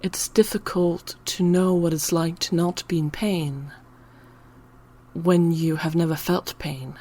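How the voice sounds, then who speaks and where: A woman's voice: lowish voice, fairly even intonation, slow, warm tone. A woman talking in an unscripted personal ramble, emotional and close to tears, sometimes dropping to a whisper. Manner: emotional, on the verge of tears, drops to whispers at times. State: teary. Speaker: channel host.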